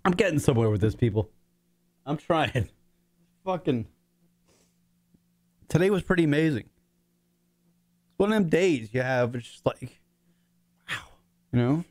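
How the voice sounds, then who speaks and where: A man's voice: a little high, lively intonation, moderate pace, pauses often, darkish tone. A middle-aged man hosts a talk show, rambling with heavy swearing. His voice cracks with emotion as he speaks. The sound is dry and close, with no room echo. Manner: rambling, profane, choked up. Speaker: podcast host. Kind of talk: emotional casual monologue.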